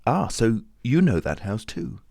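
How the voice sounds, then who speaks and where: A man's voice: medium pitch, very animated, a little slow, gravelly, a little mellow, no room sound, clean studio sound, pitched above the performer's own voice, heavily acted. A man reading an audiobook, voicing an impatient, feverish young nobleman with an urgent, pleading delivery. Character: young impetuous nobleman Raoul, agitated.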